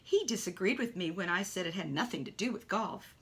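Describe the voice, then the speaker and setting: Woman narrator for a kids' storybook, animated delivery with hushed asides. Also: fairly low pitch, fairly quick. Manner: animated, with soft whispered asides. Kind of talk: children's story reading.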